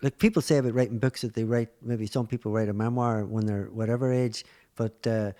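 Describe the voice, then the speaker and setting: A man hosting a podcast, asking questions in a halting, easygoing way. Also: mid-range voice, fairly even intonation, dark tone. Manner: halting, lots of 'uh' and 'aye' fillers. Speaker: podcast host. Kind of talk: casual interview chat.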